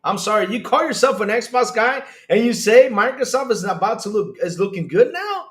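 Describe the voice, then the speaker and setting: A man hosting a casual gaming livestream, rambling in an animated way, reading chat and swearing when he gets worked up. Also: sits high, moderate pace. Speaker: podcast host reading live chat.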